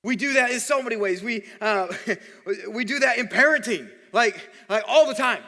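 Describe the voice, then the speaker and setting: A man's voice: extremely high pitch, moderate pace, bright, forceful tone, big-room sound. A man preaching a sermon as pastor, conversational and often repeating words while he thinks. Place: church hall.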